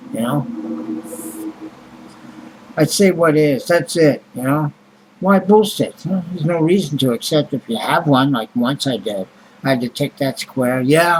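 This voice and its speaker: A man's voice: mid-range voice, a little hiss or hum, poor audio. Blunt rambling man who swears freely. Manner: rambling, heavy swearing, frequent fillers; blunt and grumbling. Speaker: vlogger. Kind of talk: rambling casual monologue.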